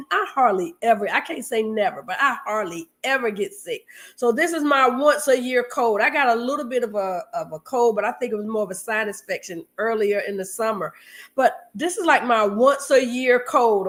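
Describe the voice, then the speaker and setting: A chatty woman co-hosting a talk show, her voice sitting a little high. She is still slightly congested from a cold. She keeps turning straight to her listeners as she tells her stories. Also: normal speed. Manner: lively storyteller, addresses listeners directly. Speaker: marriage podcast co-host. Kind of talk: casual chat to listeners.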